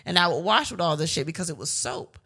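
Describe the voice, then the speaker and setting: A woman's voice: sits low, lively intonation, fast talker, sharp tone, breathy edge. A young woman co-hosting a podcast, talking candidly in casual chat with lots of fillers. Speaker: podcast co-host.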